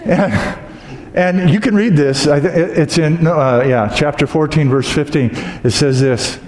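A man preaching a sermon as pastor, telling stories with humor and acting out loud exclamations. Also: medium pitch. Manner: humorous storytelling, acts out exclamations. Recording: echoey hall with long reverb.

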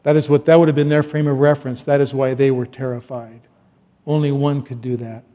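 A middle-aged man preaching a sermon in a relaxed, conversational way, with rambling asides and bursts of loud emphasis. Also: medium pitch, fairly quick. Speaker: pastor. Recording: long hall reverb.

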